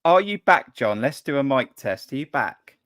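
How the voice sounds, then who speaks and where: Teasing host of a live fan show. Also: male voice, medium pitch, very animated, fairly bright tone, no echo, studio quality. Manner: teasing and brisk. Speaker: podcast host. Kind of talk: hosting a live fan show, reading the chat.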